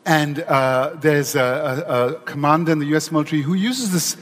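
A fairly high-voiced man gives a talk at a conference, speaking plainly and conversationally to the audience. His voice carries a long echo from the hall he is speaking in. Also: normal speed, a bit bright. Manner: conversational and explanatory, addressing a live audience. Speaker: conference panelist.

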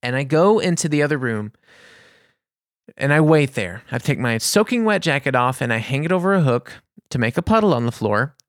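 A man telling a casual anecdote in an animated, exasperated way, with vivid asides. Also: mid-range voice, a little fast, no echo, studio quality. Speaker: storyteller.

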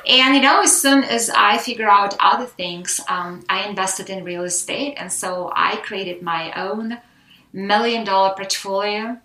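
A woman's voice: medium pitch, unhurried, roomy sound, poor audio. A middle-aged woman from the Soviet Union with a Russian accent, chatting as a guest in an interview and acting out the people she quotes. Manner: animated storyteller, acts out quotes. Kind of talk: casual interview chat.

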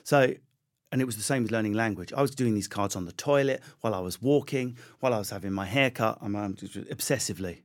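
Male comedian guest, low-pitched, rapid, animated storyteller. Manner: rapid, animated, self-deprecating, many restarts. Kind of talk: conversational interview storytelling.

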